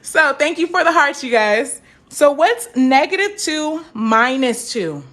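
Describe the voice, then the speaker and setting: A woman's voice: sits high, big pitch swings, unhurried, a bit bright. A young woman teaching a live math lesson, chatty and encouraging, stopping to answer viewer comments.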